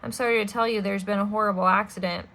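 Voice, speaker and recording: A woman voicing a scheming male villain who fakes grief, speaking in a high, fluttery, falsely polite voice. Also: fairly even intonation, quick pace, fairly bright tone, close to an everyday voice. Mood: sly.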